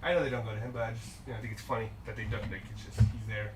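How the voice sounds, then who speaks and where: A man's voice: fairly low pitch, fairly even intonation, very fast, distant mic, background noise. A man hosting a live-stream card break, upbeat and jokey as he rattles off the cards pulled.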